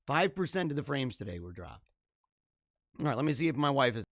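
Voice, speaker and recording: A man hosting his own livestream show, signing off in an energetic, rambling, chatty way, his voice a little hoarse. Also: medium pitch, fairly quick, no room sound, studio quality. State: slightly hoarse. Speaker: podcast host. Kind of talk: casual livestream sign-off.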